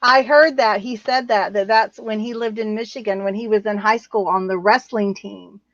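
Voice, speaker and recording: A woman's voice: medium pitch, fairly even intonation, moderate pace, fairly bright tone, no echo, lo-fi sound. A woman co-hosting a casual livestream, chatting and reading viewer comments in a rambling, easily amused way. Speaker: livestream co-host. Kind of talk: casual live-stream chat reading comments.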